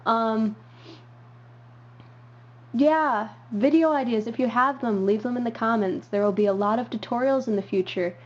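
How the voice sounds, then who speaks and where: A woman's voice: on the high side, moderate pace, pauses often. A young woman giving a casual show-and-tell tour as a vlogger, rambling with lots of ums and uhs. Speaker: model horse hobby vlogger. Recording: dull lo-fi home recording with faint hiss.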